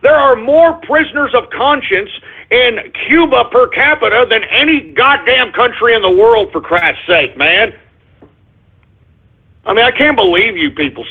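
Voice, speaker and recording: Over tinny, phone-like lo-fi audio, a radio show host with a high, slightly rough voice angrily rants at callers. He curses, sighs often, and keeps tripping and restarting.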